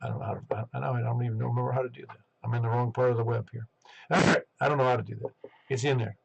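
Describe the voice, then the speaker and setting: A man's voice: medium pitch, fairly even intonation, rapid-fire, gravelly, husky, highs cut off. A man hosting a ham radio net on a headset, chatting casually and rambling with lots of restarts. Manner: rambling, chatty, self-interrupting.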